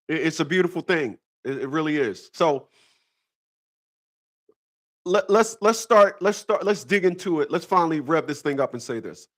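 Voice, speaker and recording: A man's voice: on the high side, fairly bright tone. A man hosting a casual livestream talk, rambling, repeating himself and breaking into laughter. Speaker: channel host.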